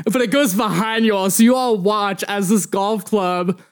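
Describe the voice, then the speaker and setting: High-voiced young man running a tabletop game. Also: steady tone, moderate pace, clean tone. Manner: rambling, casual, swears freely. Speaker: game master.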